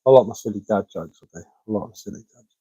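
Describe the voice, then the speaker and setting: A man's voice: on the low side, quick pace, mellow, slightly rough, no echo. Jokey man, dry close sound. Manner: chuckles at his own dad jokes. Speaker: bushcraft live-streamer. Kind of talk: casual live-stream chat telling jokes. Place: living room at home.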